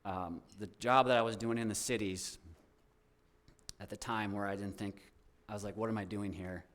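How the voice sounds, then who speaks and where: A young man stands before a congregation and shares a personal testimony in a loose, rambling way, often circling back and restarting his sentences. His voice sits a little low, and his delivery is heartfelt rather than polished. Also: fairly even intonation, moderate pace, fairly bright tone. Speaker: guest speaker at a church.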